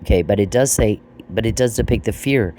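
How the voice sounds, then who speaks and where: A man's voice: lowish voice, brisk, warm tone. A man hosting a podcast, ranting in a scornful, taunting way, repeating phrases and swearing. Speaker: podcast host. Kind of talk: angry podcast rant. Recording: noisy with clicks.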